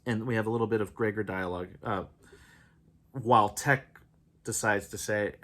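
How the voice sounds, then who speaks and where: A man's voice: fairly low pitch, steady tone, normal speed, long pauses, a bit bright. A man giving a casual, enthusiastic spoiler review, recapping the plot in a rambling way.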